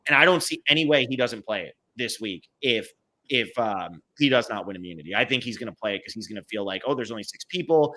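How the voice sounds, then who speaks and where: Bright-voiced man breaking down scenarios. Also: fairly low pitch, quick pace. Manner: analytical, talks through scenarios step by step. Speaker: podcast co-host. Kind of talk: casual podcast chat.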